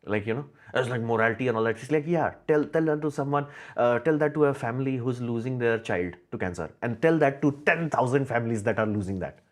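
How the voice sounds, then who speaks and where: A man's voice: mid-range voice, fast, few pauses. A young man hosting a casual livestream chat, musing aloud with lots of fillers. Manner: rambling, musing, frequent fillers and laughs. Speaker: livestream host. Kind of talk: casual live chat answering viewers.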